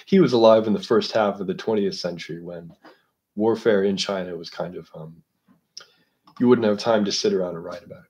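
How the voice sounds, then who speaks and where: Man, fairly low voice, literature host, thoughtful, explanatory lecture. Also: a little mellow, dull audio. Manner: measured, explanatory, thinking aloud. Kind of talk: analytical book lecture.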